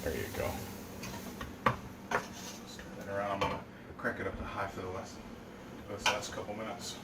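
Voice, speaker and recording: A man's voice: low voice, moderate pace. Chatty man cooking in an echoey kitchen. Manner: chatty, explains as he works, asks "right?". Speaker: cooking show host. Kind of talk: casual cooking demonstration. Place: home kitchen. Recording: echoey kitchen, mic far off, loud background noise.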